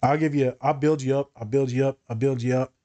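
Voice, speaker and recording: A man's voice: mid-range voice, steady tone, a little fast, mellow. Male therapist-host, casual and blunt, salty language. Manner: blunt and profane, tells client stories. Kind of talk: casual podcast chat.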